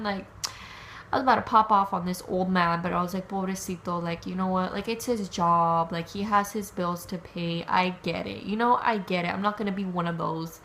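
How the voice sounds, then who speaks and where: A woman's voice: mid-range voice, a bit bright, a little hiss or hum. A young woman casually telling a story to camera, chatty, swearing a lot and acting out what she and others said. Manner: chatty, swears a lot, quotes herself with "I was like". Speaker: vlogger.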